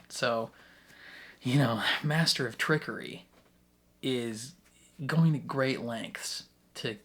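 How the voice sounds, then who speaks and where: A man hosting a casual reaction video, rambling excitedly with frequent laughs and restarts. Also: mid-range voice, slightly rough. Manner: excitable, laughs often between thoughts; rambling with many restarts and fillers. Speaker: YouTube reaction host.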